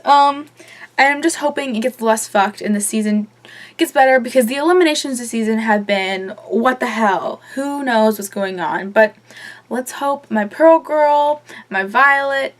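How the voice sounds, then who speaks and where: Young woman, slightly high voice, casual chatty reviewer with strong opinions. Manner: chatty and opinionated, lots of fillers and swearing. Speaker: vlogger reviewing a TV episode. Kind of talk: casual chat.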